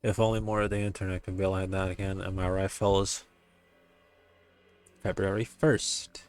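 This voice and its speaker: Low-voiced, joking male streamer. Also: level tone, moderate pace, darkish tone, clear, resonant tone. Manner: joking, loose, swears casually. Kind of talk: casual stream commentary while reading game text.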